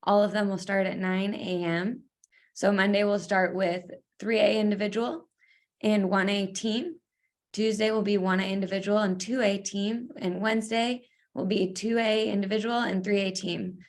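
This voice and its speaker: A woman giving schedule details in a webinar, steady in delivery and slightly losing her voice. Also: medium pitch, normal speed. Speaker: athletic association staff. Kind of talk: informational webinar briefing. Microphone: video call.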